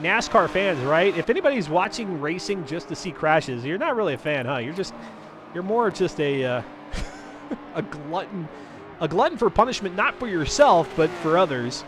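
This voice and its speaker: A man commentating a live sim racing stream as host, chatty and rambling, talking to his chat viewers between calls of the race. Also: fairly high pitch.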